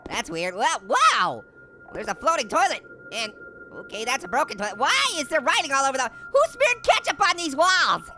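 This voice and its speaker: A woman's voice: high voice, bright, forceful tone, slight background noise. A woman hosting a comedic let's-play, chatting and giggling as she plays a spooky game. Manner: giggly, jokey, exclaiming. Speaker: gaming channel host.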